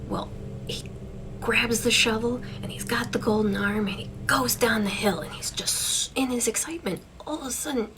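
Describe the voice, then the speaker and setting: A woman casually telling a ghost story, chatty, often dropping into hushed whispers. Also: fairly high pitch, normal speed, rough recording.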